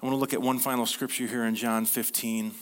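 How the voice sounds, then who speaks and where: An earnest male preacher talks through a sermon like a conversation and checks in with his listeners. He slows right down for scripture, then his voice climbs and fills out with energy as he presses his point. His voice sits at an ordinary middle pitch for a man. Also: level tone.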